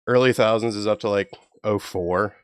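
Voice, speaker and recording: A man's voice: on the low side, moderate pace, smooth, dry recording. A young man chatting casually on a live stream while walking, slangy and joking as he rambles. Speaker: livestreamer.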